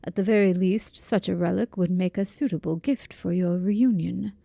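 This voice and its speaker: A woman's voice: fairly low pitch, normal speed, vocal fry, dark tone, no room sound, clean studio sound, voice pushed down. A woman voicing a mysterious hooded male mage, reading his formal, old-fashioned lines in a put-on accent. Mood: earnest.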